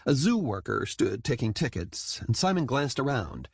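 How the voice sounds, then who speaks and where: Husky male audiobook narrator. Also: mid-range voice, normal speed, no echo, studio quality. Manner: lively, switches into character voices.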